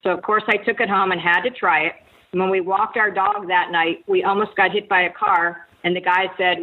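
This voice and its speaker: A woman entrepreneur, a podcast guest, telling her story in lively anecdotes. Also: lowish voice, fairly quick, husky. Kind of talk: interview answers, storytelling. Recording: tinny phone line.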